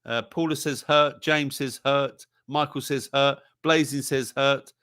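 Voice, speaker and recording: A man's voice: medium pitch, fairly even intonation, measured pace, sharp tone, dry recording, studio quality. A man hosting a livestream song quiz in a jokey, casual way, reading out the chat's answers. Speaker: livestream show host.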